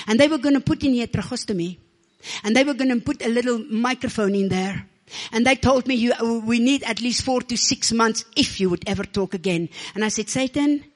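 A woman preacher telling her story in an animated sermon, calling on the congregation to respond, her voice a little rough from a damaged vocal cord. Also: a little high, a little fast. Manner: animated storytelling, calls for amens and praise.

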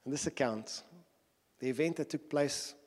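A man's voice: mid-range voice, moderate pace, a little mellow, husky. A man delivers an earnest sermon in a mid-range voice and builds his points through repetition and rhetorical questions. His voice rings with a long reverb, like a large church hall. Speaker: preacher.

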